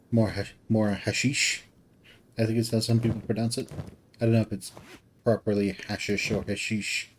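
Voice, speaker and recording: A man with a fairly low voice gives casual commentary while he plays a game. He thinks out loud, trails off and restarts his sentences as he goes. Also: little pitch movement, moderate pace, long pauses, slight background noise, poor audio. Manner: thinks aloud, rambling with restarts. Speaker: game streamer.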